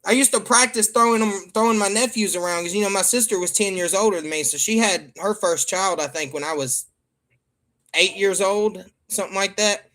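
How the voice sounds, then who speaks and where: A man's voice: high-pitched, fairly bright tone. A man with a Southern American accent chatting casually to viewers as a father and streamer, joking and trailing off with ums. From Michigan. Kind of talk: casual rambling chat to viewers.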